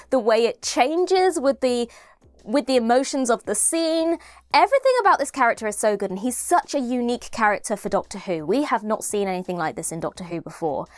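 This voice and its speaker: A woman's voice: a little high, dry recording. A woman giving a chatty, enthusiastic spoken review of a TV episode, often restarting her phrases. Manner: enthusiastic, chatty, frequent self-corrections.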